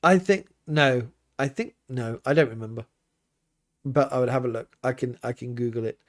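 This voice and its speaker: A man, a priest hosting a relaxed livestream, reading viewer comments aloud and chatting back with an easygoing, often laughing manner. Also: medium pitch, moderate pace. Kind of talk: casual livestream chat. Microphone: livestream mic.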